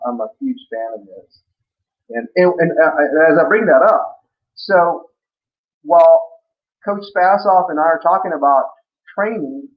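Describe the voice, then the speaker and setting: A man guest telling stories in a casual interview, rambling with many restarts. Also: medium pitch. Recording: muffled lo-fi audio.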